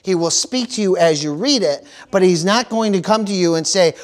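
A pastor with a notably high voice delivers a sermon to his congregation. He works in call-and-response, tossing out amens and praise-the-Lords and hammering his points by repeating phrases. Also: expressive, brisk, few pauses.

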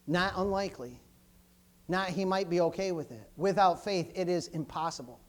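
Man, pastor, sermon, very high-pitched voice, loud fervent surges, drops low. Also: moderate pace. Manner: preaching with surges of loud fervor then dropping low.

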